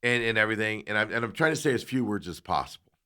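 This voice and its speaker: A man's voice: fairly low pitch, rapid-fire, clear, resonant tone. A man hosting a talk show, telling a long story in casual chat and acting out both sides of each exchange. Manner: animated, acts out both sides of the dialogue.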